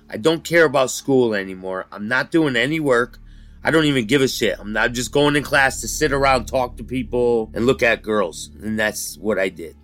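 A man bluntly recounting his rough youth in an interview, talking in street slang and swearing freely. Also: medium pitch, fairly bright tone. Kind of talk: candid life-story interview.

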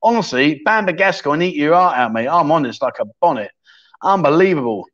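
A man's voice: a little high, lively intonation, brisk, a bit bright, lo-fi sound. Cheeky man hosting a livestream. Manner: cheeky banter with viewers in chat. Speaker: livestream chat show host. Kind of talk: casual livestream chat, running a quiz.

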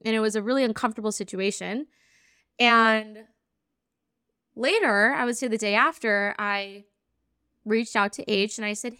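A woman who works as a spiritual practitioner tells a personal story on her podcast in a slightly high, bright, smooth voice. Earnest and animated, she acts out each remembered conversation at a moderate pace with long pauses. The studio recording is clean, with no room sound.

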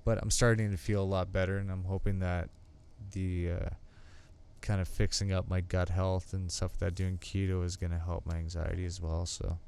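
A man's voice: deep voice, flat delivery, normal speed, creaky, a little mellow, a little hiss or hum. A man hosting a solo podcast, talking candidly and casually with plenty of ums and the odd swear word.

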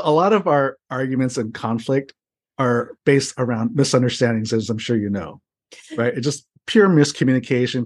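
A man from the United States telling a story as an interview guest, chatty and animated. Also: medium pitch. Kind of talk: casual storytelling.

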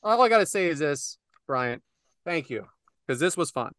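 A man's voice: a little high, sing-song, normal speed, fairly bright tone, no room sound, studio quality. A man hosting a casual podcast, loose and joking, laughing often and cursing casually. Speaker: podcast host.

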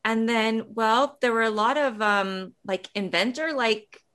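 A woman's voice: on the high side, measured pace, a bit bright. A woman player in a tabletop game, chatty and hesitant, describing her character's actions.

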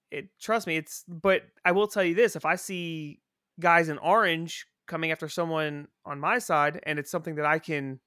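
Bright-voiced man in a casual chat. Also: fairly high pitch, no room sound, clean studio sound. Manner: profane, rambling, earnest. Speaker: podcast guest, prison supervisor.

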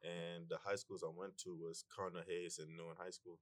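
A man's voice: sits low, little pitch movement, a little fast. A young man with a New York accent, a student guest giving short, plain answers. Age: young adult.

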